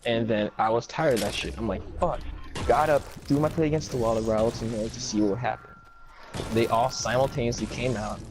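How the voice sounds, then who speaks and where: A man's voice: mid-range voice, steady tone, a little fast, music in the background, rough recording. A man telling a long comic story in casual chat, rambling and profane, acting out what others said.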